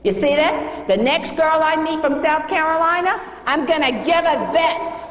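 A woman playing a loud, brash New York woman, heartbroken and angry, with a New York accent. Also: normal speed, lightly acted. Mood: furious. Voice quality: loud, brash, high-pitched. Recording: echoey hall from a distance.

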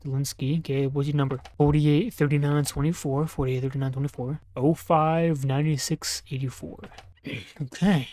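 A man's voice: fairly high pitch, little pitch movement, normal speed, mellow. A young man giving casual gameplay commentary, joking and talking back to on-screen characters while muttering notes and numbers to himself. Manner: reads numbers and notes aloud under his breath. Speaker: gaming YouTuber.

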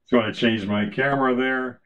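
A man's voice: medium pitch, fairly even intonation, brisk, fairly bright tone, muffled recording. A man walking through a conference audio setup in a casual, chatty way, with fillers and restarts, heard through a ceiling array microphone. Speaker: product demo presenter. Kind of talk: casual product walkthrough. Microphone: ceiling beamforming array mic.

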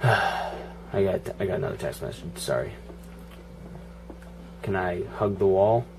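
A man's voice: low voice, lively intonation, unhurried, background noise. Foul-mouthed man narrating his gameplay. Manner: profane, frustrated running banter at the game. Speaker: gaming channel host. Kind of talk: video game playthrough commentary.

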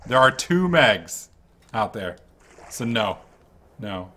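A man giving casual commentary over his own gameplay, excitable and swearing freely. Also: lowish voice, slow, slight background noise. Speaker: let's-play gamer.

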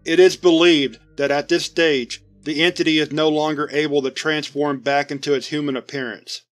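Casting: male narrator, fairly high voice, steady report read over faint music. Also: moderate pace. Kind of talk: scripted narration of a horror report.

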